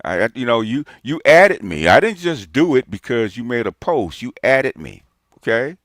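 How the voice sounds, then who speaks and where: Heated man with a lively, swinging voice. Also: mid-range voice, normal speed, no room sound, studio quality. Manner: heated, repeats retorts, scoffing laughs. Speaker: channel host reacting to a clip. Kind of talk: combative reaction commentary.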